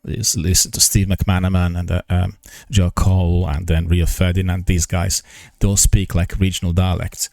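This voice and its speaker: Slow, halting older man, low voice. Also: flat delivery, creaky, darkish tone, no room sound. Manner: slow, halting, many ums and restarts; careful, formal enunciation. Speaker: gaming news streamer. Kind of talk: casual live-stream chat.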